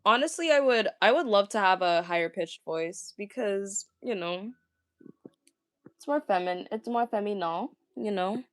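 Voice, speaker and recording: Young woman ranting on stream, stumbles over words a lot, kinda deep voice, dry close sound. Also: a little slow, dry recording. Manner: stammers and repeats words, excitable. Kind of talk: casual rant.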